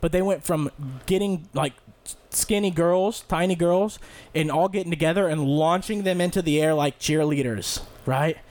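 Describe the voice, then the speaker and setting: A young man on a podcast casually telling a rambling, profane story and loudly acting out the people in it. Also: a little high, moderate pace. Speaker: podcast co-host.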